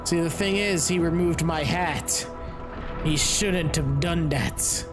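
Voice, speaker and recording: A man giving let's play commentary, excitable, yelping and groaning, swearing, with mock-dramatic asides. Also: a little high, slow, faint music behind. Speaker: gaming YouTuber.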